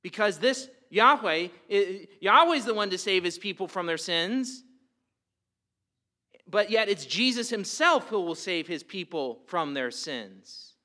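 A pastor delivers a sermon in a bright, forward voice that sits a little high for a man, expressive and at a measured pace. He speaks emphatically, keeps posing rhetorical questions, and often repeats words as he builds his point.

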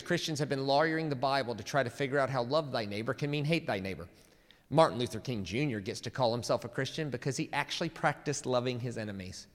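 A man reading a quote aloud from the pulpit in a put-on American Southern accent, loud and emphatic, with long hall reverb. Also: mid-range voice, close to an everyday voice. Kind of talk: sermon.

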